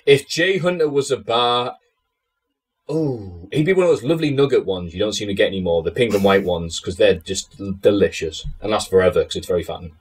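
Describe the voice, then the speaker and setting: A man's voice: on the low side, animated, a little fast, slightly rough. A man who is a podcast guest, chatting casually in a sardonic way, swearing and laughing often. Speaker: interview guest.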